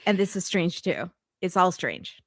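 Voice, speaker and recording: A woman's voice: fairly low pitch, sing-song, normal speed, dry recording, clean studio sound. A woman co-hosting a casual chat, throwing in wry, chatty asides. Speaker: podcast co-host.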